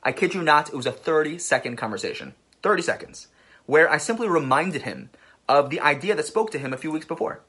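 Male rabbi, emphatic storyteller, husky bright tone, very lively delivery. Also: a little high, fairly quick. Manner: emphatic, building to passionate peaks. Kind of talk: inspirational storytelling talk.

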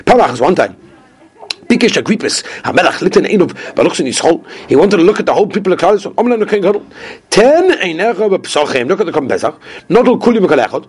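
A man giving a daily Talmud lesson, lecturing quickly and mixing Hebrew and Aramaic terms into his English. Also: high-pitched, big pitch swings, slightly rough. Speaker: Talmud teacher.

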